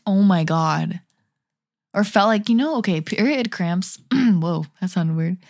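A woman's voice: fairly low pitch, a little slow, vocal fry, darkish tone. A young woman co-hosting a podcast, chatting casually and animatedly, with frequent exclamations and swearing. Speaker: podcast co-host. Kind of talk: casual chat.

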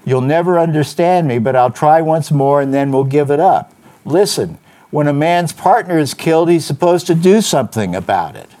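A man reading as a hoarse hard-boiled detective. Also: mid-range voice, a little slow, natural voice. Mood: forceful. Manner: clipped, forceful delivery. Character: hard-boiled male detective, bitter and cornered.

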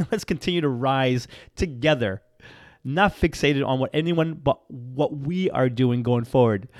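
This is a man hosting his own motivational podcast. His voice sits a bit high and swings widely in pitch as he stacks up emphatic, encouraging phrases. The sound is close and dry, with no room around it. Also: no room sound. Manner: earnest, encouraging, emphatic repetition. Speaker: podcast host and coach.

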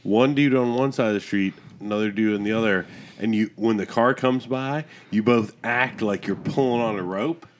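A man's voice: on the low side, moderate pace, a little hiss or hum. A man chatting casually on a podcast, rambling with lots of fillers and laughing often.

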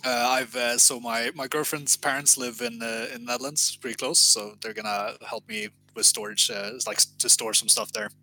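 A man from Sweden talks on a hobby podcast, hesitant and full of "like" and "uh." His voice is bright and tense. A faint hum sits behind him. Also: mid-range voice, steady tone, normal speed, hardly any pauses, poor audio. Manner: hesitant, filler-heavy. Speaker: podcast co-host. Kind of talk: casual chat.

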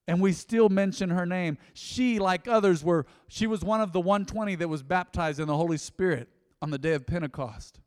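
A man preaching from the pulpit with a notably high voice, animated in storytelling and dropping from loud to soft. His words ring out with a long reverb in the church hall. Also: moderate pace. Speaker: pastor. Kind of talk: sermon.

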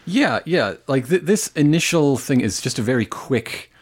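A man's voice: medium pitch, expressive, moderate pace, slightly rough. A man co-hosting a podcast, recapping an anime in casual chat with joking quips and wry asides. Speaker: podcast co-host.

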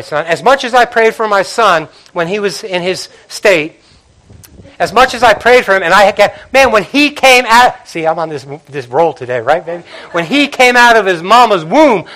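An older male pastor with a high, ringing voice, in full sermon. He works a live congregation, driving hard on exhortations and then dropping low and intimate. The sound is bright and forward. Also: poor audio. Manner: impassioned preaching, swinging from loud exhortation to hushed confiding. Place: church before a live congregation.

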